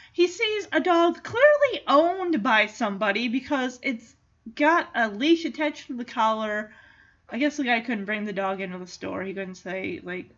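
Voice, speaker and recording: A woman chatting casually in an amused way as she recaps a movie and does quick character voices. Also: medium pitch, fairly bright tone, highs cut off.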